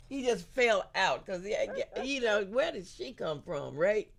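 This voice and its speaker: Older lady singer telling stories in an interview, gravelly voice, laughs a lot, sings bits. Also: medium pitch, a little slow, a little hiss or hum. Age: 70s. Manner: animated storyteller, laughs often, sings snatches of songs. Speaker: guest singer. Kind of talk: storytelling interview.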